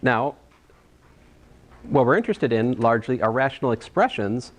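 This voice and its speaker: A man's voice: medium pitch, expressive, moderate pace. A man teaching a college algebra class in a casual, rambling way, restarting phrases and making jokey asides. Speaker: math instructor. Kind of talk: classroom lecture.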